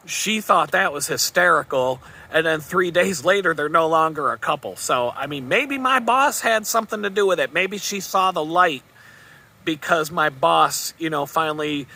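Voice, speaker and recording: A man vlogging in a loose, rambling storytelling monologue, chuckling now and then at his own tale. His voice sits a bit high with a sharp, forceful brightness. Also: animated, a little slow.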